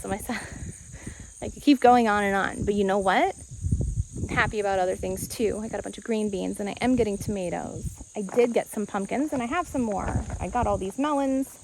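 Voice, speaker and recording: Woman rambling to camera outside on her homestead, candid and animated, laughs a lot, mid pitch, faint bugs and outdoor hum behind her. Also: moderate pace, vocal fry. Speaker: homestead vlogger. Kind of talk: casual talk to camera.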